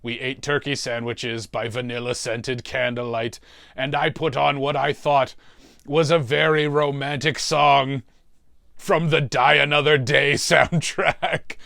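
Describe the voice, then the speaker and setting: A man's voice: medium pitch, pushed and bright, no echo, clean studio sound. A man playing a demonic torturer who hosts a mystery show and tells a comic story about suffering. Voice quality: gravelly, slow, relishing talk of suffering. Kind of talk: comedic in-character storytelling.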